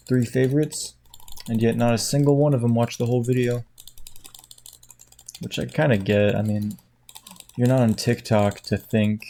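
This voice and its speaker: A man chatting casually at his computer at home, tired, quiet and rambling, laughing often. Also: medium pitch. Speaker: video creator. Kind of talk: casual chat while clicking at a computer. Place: at home indoors.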